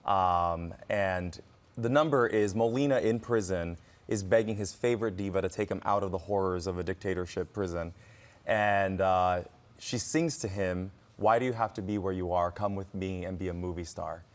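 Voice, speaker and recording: Expressive man telling stories on a morning show. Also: deep voice, normal speed. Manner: animated, expressive storyteller who laughs often. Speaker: actor guest. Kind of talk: morning TV interview. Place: TV studio.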